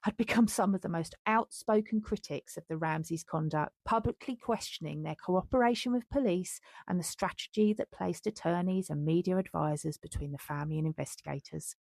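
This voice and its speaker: A woman's voice: lowish voice, brisk, gravelly, hardly any pauses, darkish tone, no echo. A woman podcast co-host who reads a true-crime script and breaks off into joking asides. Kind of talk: scripted true-crime narration mixed with casual chat.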